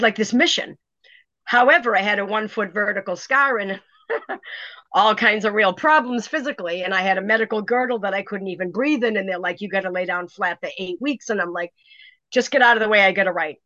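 Woman, middle-aged, animated storyteller, dull lo-fi recording. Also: medium pitch, no room sound. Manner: animated, lots of "you know" fillers. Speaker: author guest. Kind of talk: storytelling in an interview. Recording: dry, dull lo-fi sound.

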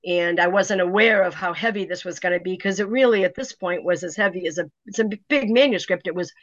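A woman's voice: lowish voice, fast, no echo. A woman, a first-time author, telling a dramatic story in a casual interview, full of restarts. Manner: animated, dramatic retelling with many restarts. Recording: slightly dull, dry lo-fi sound.

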